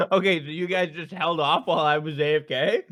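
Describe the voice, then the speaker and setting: A man's voice: a little high, fairly even intonation, brisk, a bit bright, no echo. A man playing a tabletop game, apologetic and laughing easily in casual banter. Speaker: player.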